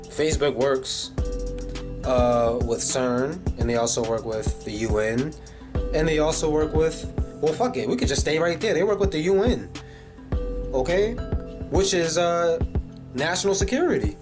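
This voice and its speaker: A man's voice: on the high side, animated, measured pace. A man ranting casually in a video commentary, swearing and using many fillers. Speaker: vlogger. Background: music.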